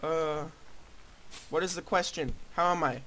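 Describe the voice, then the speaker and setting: A young man giving goofy, excitable let's play commentary, often shouting. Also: fairly high pitch, measured pace. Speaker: gaming video host.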